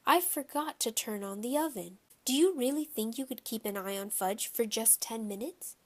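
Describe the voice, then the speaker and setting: A woman's voice: fairly high pitch, expressive, moderate pace. A flustered storybook mother, fretting over her toddler and hurrying through her words, as a woman reader plays her. The voice rises a little above the reader's own, anxious and breathless. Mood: fretful. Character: flustered, fussing young mother.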